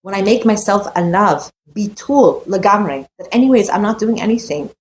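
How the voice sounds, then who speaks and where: A woman's voice: medium pitch, animated, normal speed, a little hiss or hum. Heartfelt, emphatic woman Torah teacher. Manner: heartfelt, emphatic, repeats phrases; mixes in Hebrew terms. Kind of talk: personal weekly Torah talk.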